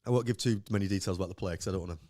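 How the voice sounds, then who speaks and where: A man's voice: low-pitched, very fast, no room sound. Rambling man on a dry mic. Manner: rambling, animated storytelling with acted-out quotes. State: drinking beer. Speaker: podcast co-host. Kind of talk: casual chat.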